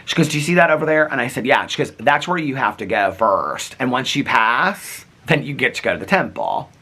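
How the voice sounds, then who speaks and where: A man's voice: medium pitch, moderate pace, husky. A man vlogging, telling a rambling story with lots of asides and quoted back-and-forth. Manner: chatty, animated, rambling with asides. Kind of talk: casual storytelling vlog.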